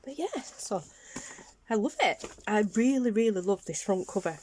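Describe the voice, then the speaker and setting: A Northern English woman talks through a casual craft show-and-tell. Her voice sits at an ordinary middle pitch. She rambles a little, fills gaps with ums and corrects herself as she goes. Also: animated, normal speed, a little mellow, a little hiss or hum. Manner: chatty, rambling, many ums and self-corrections. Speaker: craft vlogger.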